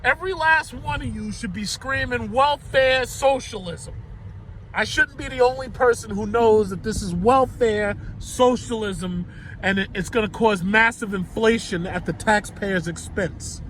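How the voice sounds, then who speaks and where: A man's voice: high-pitched, a little slow, a bit bright. A man vlogging from his car in traffic, ranting sarcastically and swearing about drivers and politics. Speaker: vlogger commenting while driving. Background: faint traffic noise.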